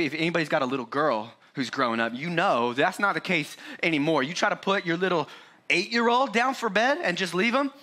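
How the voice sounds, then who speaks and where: A man's voice: a little high, bright, forceful tone. A man in his forties preaching a sermon at church, chatty and joking, acting out scenes from family life. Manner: jokey and conversational, acts out his kids in a raised voice. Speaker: pastor.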